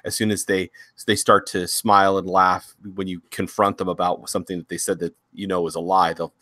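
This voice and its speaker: A man's voice: low voice, level tone, a little fast, pushed and bright, dry recording, studio quality. A middle-aged man hosting a casual talk show, rambling with restarts and chuckling as he tells family stories. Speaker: host. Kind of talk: casual chat.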